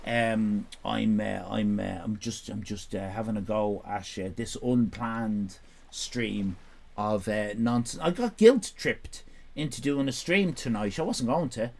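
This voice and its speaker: A man's voice: fairly low pitch, a little slow, creaky, a little mellow. A man in casual live-stream chat, rambling, sweary and self-mocking.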